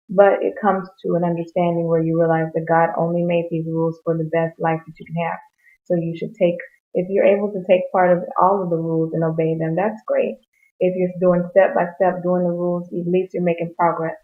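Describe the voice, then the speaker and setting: A woman talks earnestly through a Bible verse in a casual, rambling reflection, and she often restarts her sentences. Her voice sits fairly low and stays flat. The sound is thin and tinny, like a phone line. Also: fairly quick. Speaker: Bible devotional speaker.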